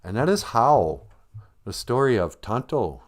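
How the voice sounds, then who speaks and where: Very animated and a little slow, a man with a medium-pitched voice hosts a livestream. He improvises a rambling comedic story, casually joking and putting on silly voices for each character.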